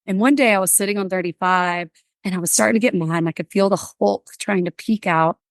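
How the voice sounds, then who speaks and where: A woman, a counselor and podcast guest, telling lively stories in a casual interview and acting out what she and others said. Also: fairly low pitch, brisk, no echo. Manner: animated storyteller, acts out quotes.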